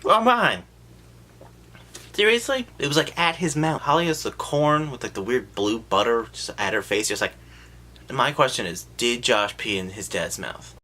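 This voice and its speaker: A man giving a sarcastic, profane comedic recap of a film, jumping into quick voices for the characters. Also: mid-range voice, bright, forceful tone.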